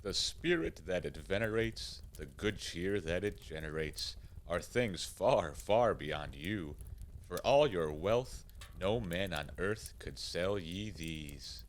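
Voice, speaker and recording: A man voicing a calm, wise Santa Claus in a rhyming radio play, gently lecturing. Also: sits low, slow, a little hiss or hum.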